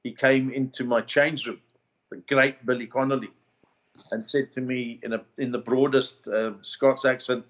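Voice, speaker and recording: In a muffled recording, a South African man who is a comedian shares career anecdotes during a relaxed interview. His medium-pitched voice moves at a moderate pace, and he livens up his tales by imitating the people he quotes.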